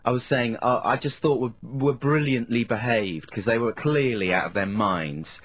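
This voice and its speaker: A man's voice: medium pitch, moderate pace, a bit bright. A man co-hosting a radio show, telling rambling, self-mocking anecdotes in casual banter. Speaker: radio co-host.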